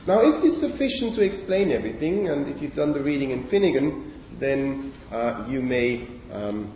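Recorded from a distance in an echoey lecture hall with a little hiss or hum, a man lectures at a university in a mid-range, mellow voice. He's animated and moderately paced, thinking out loud, dropping okays and fillers, and fixing his own wording along the way.

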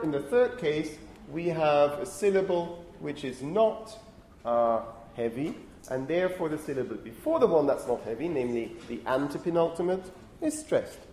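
A male university lecturer with a fairly high, mellow voice that swings up and down a great deal as he explains. He often stops to correct himself and checks in with the class. The room is echoey, with faint noise behind him. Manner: lively, self-correcting, frequent "okay?" checks. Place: lecture hall. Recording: roomy lecture hall echo.

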